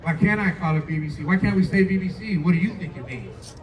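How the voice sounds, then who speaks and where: A man's voice: a little high, expressive, quick pace, slight background noise, natural voice. A man on stage voicing a cheeky seventh-grade boy who fires back challenging questions. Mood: defiant. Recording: roomy club, distant mic, faint crowd.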